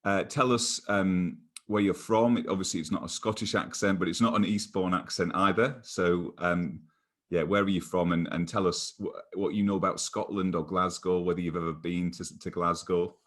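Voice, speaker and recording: A man's voice: sits low, steady tone, moderate pace. A man hosting a church interview online, speaking hesitantly with many ums and restarts.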